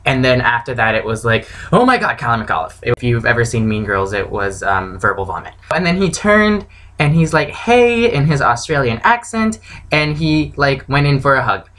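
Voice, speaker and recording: Young woman vlogger, casual excitable storytelling, gushing fan energy. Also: extremely low pitch, normal speed, poor audio. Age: young adult.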